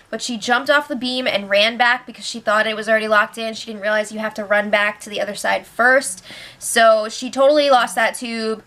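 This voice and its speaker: A woman's voice: a little high, sharp tone. A woman giving a casual, opinionated recap, talking chattily and acting out what others said. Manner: chatty and opinionated, acts out quotes. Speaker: show recap host.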